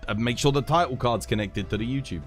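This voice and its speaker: A man's voice: medium pitch, fast, soft background music. A British man hosting his own live stream, chatting casually, laughing and swearing freely from his home streaming setup.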